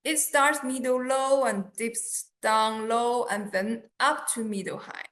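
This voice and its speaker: Patient teacher with a bright voice. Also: female voice, on the high side, fairly even intonation. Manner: slow, patient, drills sounds with repetition. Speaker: Chinese teacher. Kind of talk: beginner language lesson.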